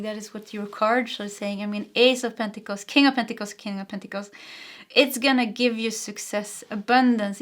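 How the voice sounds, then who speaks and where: A Swedish-born woman giving a pick-a-card tarot reading, encouraging and rambling, with many restarts and soft laughs. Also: on the high side. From Sweden. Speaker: tarot reader.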